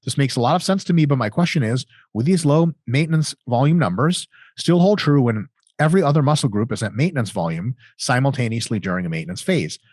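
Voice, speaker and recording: Lively, swearing man, dry close sound. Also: mid-range voice, fast, dry recording. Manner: swears freely, joking, lively delivery. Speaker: co-host answering viewer questions. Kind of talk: casual profane Q&A chat.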